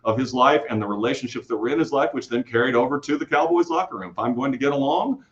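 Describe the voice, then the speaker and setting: A man from the Kansas City area, a guest storyteller telling rambling, animated stories with many restarts in a casual interview. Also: mid-range voice, fast talker. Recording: dull lo-fi audio.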